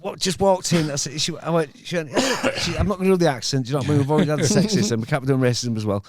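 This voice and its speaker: A man's voice: on the high side, very fast, a loud crowd. A man in his fifties telling a rambling story on a podcast, full of restarts and repeated phrases. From England. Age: 50s. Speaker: podcast host. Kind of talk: casual storytelling chat.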